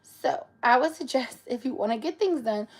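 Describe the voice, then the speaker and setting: A woman's voice: high voice, expressive, normal speed, slightly rough. A woman chatting on a live stream, playful and cooing at her pets in baby talk. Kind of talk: casual live-stream chat.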